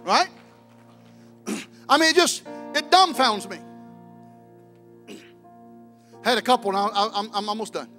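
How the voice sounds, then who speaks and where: Pastor, high tenor, swings from shouting to hushed in the sermon. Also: male voice, expressive, a little slow, long pauses, soft background music.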